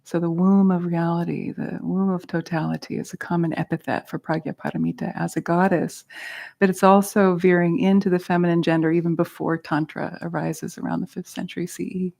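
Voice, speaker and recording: A woman's voice: on the low side, little pitch movement, a little fast, gravelly, darkish tone. A woman teaching a meditation class, patiently explaining terms in a casual way and adding self-aware asides to the group.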